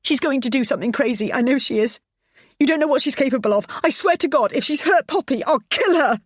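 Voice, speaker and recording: Woman doing a hysterical young mum, shrieking pitch, close dry read. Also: animated, quick pace, husky, no echo. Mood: panicked screaming. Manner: shrieking, sobbing. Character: frantic young mother, terrified, screaming.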